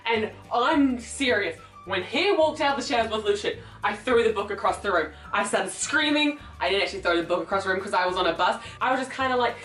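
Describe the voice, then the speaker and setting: A young woman chatting in a casual book vlog, excitable and rambling, swearing freely and acting out scenes as she goes. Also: a little high, fairly quick. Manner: excitable, rambling, swears a lot, acts out characters. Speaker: book vlogger. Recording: echoey room, mic at a distance, faint music.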